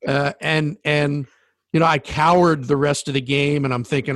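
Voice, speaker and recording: Casting note: middle-aged male storyteller, lively and enthusiastic, dry close sound. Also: a little high, moderate pace, dry recording. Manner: animated, enthusiastic storyteller with filler restarts. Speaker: sports broadcaster and former referee. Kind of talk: casual storytelling conversation.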